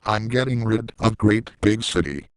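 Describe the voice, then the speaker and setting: A man's voice: fairly low pitch, lively intonation, moderate pace, smooth, dry recording, natural voice. A man voicing a little girl who has turned into an eraser supervillain, with cold, taunting threats. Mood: menacing.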